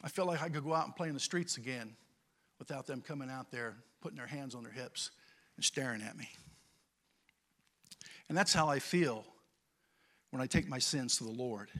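A middle-aged man from California preaching a sermon and telling a childhood story, swinging from quiet to loud as he goes. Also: medium pitch, moderate pace, pauses often. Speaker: pastor.

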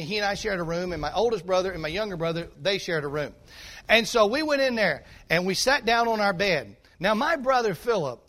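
A male pastor preaching a sermon, telling a folksy, animated story and calling out to the congregation. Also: high-pitched.

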